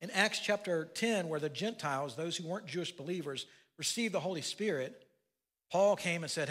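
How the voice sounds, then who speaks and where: A man's voice: on the high side, a little fast, a bit bright. An older man preaching a sermon as pastor, telling folksy family stories with asides. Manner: folksy storytelling with laughs and asides.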